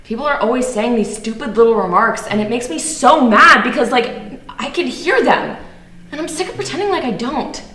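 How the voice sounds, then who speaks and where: A young woman playing a sarcastic, angry high school girl, narrating and acting in a student film. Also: normal speed, fairly bright tone, slight background noise, natural voice. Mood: indignant. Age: young adult. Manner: sardonic, bitter.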